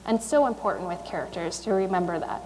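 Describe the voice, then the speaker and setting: A woman's voice: lowish voice, animated, fast talker, a little mellow, in a large hall, slight background noise, poor audio. A woman in her thirties, an athlete giving a motivational speech at a school in a conversational way, with fillers and restarts. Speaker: guest speaker, Olympic speed skater. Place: school assembly.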